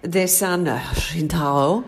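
A woman's voice: on the low side, slow, slight background noise. A woman co-hosting a podcast, telling a true crime story in a chatty, playful way. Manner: chatty, laughs easily, playful asides. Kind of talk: casual storytelling chat.

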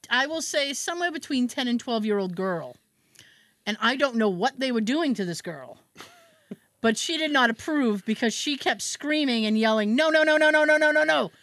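Animated high-pitched woman telling a story. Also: dry recording. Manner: animated, acts out quotes in shifting voices, laughs often. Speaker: podcast co-host telling a story. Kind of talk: casual storytelling chat.

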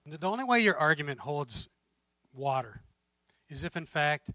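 A man answering interview questions in a measured, explanatory way, checking in with his listener now and then. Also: fairly high pitch, sing-song, pushed and bright, no echo, rough recording. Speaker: interview guest.

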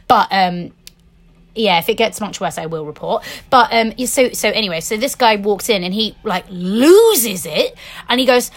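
A woman's voice: medium pitch, animated, moderate pace. A woman hosting a podcast, ranting frankly in a casual, rambling way with plenty of swearing and fillers. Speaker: podcast host. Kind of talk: casual solo rant.

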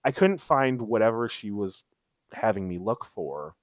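A man's voice: lowish voice, big pitch swings, measured pace, no room sound. Rambling man, dry close mic. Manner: rambling, stumbling restarts, emphatic storytelling. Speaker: podcast co-host. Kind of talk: casual chat.

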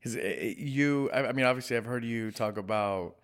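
A man's voice: mid-range voice, a little fast, clear, resonant tone. Male interviewer, enthusiastic, lots of false starts, casual. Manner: enthusiastic, restarts a lot, laughs along. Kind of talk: casual conversation.

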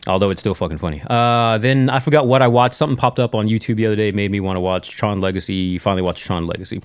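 A man's voice: fairly low pitch, fast, clean tone, no echo. A man co-hosting a podcast in casual chat, laid-back and swearing a lot. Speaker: podcast co-host.

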